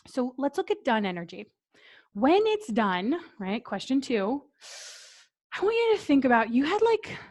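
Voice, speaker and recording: With a somewhat high voice, a female business coach conducts a training. She speaks slowly and calmly by design, punctuated by breathy sighs and soft whispering.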